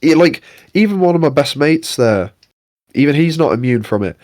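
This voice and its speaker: A man's voice: on the high side, lively intonation, moderate pace, a little mellow, no room sound, studio quality. A young man co-hosting a podcast, ranting in a casual, sweary, exasperated way. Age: young adult. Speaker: podcast co-host.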